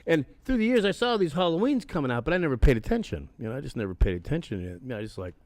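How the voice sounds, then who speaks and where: A man's voice: a little high, very fast, no echo, studio quality. Profane, rambling older man telling stories. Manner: profane, rambling, animated impressions of others. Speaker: guest, former actor. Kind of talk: casual storytelling interview.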